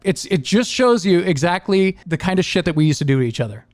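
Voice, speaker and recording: A man in his forties hosting a podcast, telling rambling stories in a casual, animated way and laughing often. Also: high voice, quick pace, dry recording, studio quality. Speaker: podcast host. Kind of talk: casual storytelling chat.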